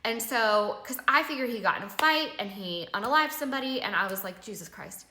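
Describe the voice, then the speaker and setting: A young woman telling a personal story casually, animated and full of "like", acting out quoted dialogue. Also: on the high side, brisk. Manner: animated, filler-heavy "like" retelling with quoted dialogue. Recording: echoey room.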